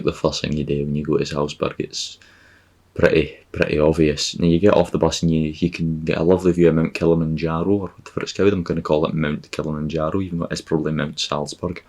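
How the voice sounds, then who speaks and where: Scottish guy with a real low voice, sarcastic, swears a lot, rambling podcast bit. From Scotland. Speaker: podcast host. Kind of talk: comic travel monologue.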